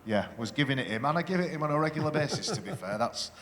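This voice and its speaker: A man's voice: a little high, expressive, fast, fairly bright tone. A man speaking as a panel guest in a live stage conversation, boastful and joking in his banter. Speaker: panel guest, former rugby league player. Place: festival stage in a hall. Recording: long hall reverb with faint noise.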